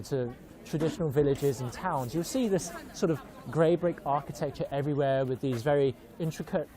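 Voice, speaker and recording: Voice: mid-range voice, mellow. A young adult reporter from northern China gives a friendly, chatty live walking tour, with many fillers. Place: busy outdoor market street in an old town. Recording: crowd and music outdoors.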